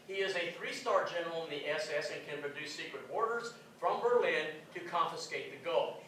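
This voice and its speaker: A man's voice: sits high, pushed and bright, a little hiss or hum. A man giving an emphatic conference lecture, firing rhetorical questions at the audience. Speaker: conference speaker. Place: conference hall. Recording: echoey hall, distant mic.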